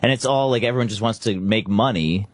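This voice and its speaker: A laid-back man with a low voice talking through his work as a guest, with lots of fillers. The sound is close and dry. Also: fast, dry recording. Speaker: guest actor. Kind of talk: casual studio chat.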